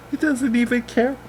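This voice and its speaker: A woman in a casual vlog, talking playfully to her dog. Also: fairly high pitch. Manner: playful, talks to her dog in a lively sing-song. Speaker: vlogger. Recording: vlog with loud background music.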